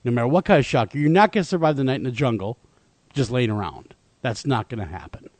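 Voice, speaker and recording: A man's voice: medium pitch, animated, quick pace, no echo. A man hosting a talk radio show, chatting casually with many fillers and restarts. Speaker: radio host.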